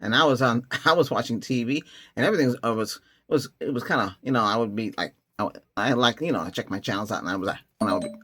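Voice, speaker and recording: A man's voice: medium pitch, fast talker, hardly any pauses, pushed and bright, breathy edge. A man hosting a tech channel, talking casually and rambling with many restarts and chuckling asides. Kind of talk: casual rambling vlog talk.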